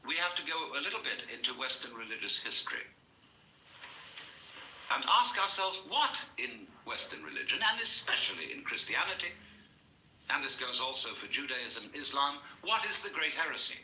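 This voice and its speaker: A man giving an anecdotal lecture to an audience, with a wry, lively storytelling manner. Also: mid-range voice, moderate pace. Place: lecture hall before an audience. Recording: roomy lecture hall recording with faint hiss.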